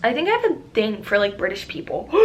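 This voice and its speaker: A woman's voice: a little high, quick pace, a little hiss or hum. Chatty, profane young woman vlogger. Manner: rambling, profane, excitable, many fillers. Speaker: beauty vlogger. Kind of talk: casual chatty makeup vlog.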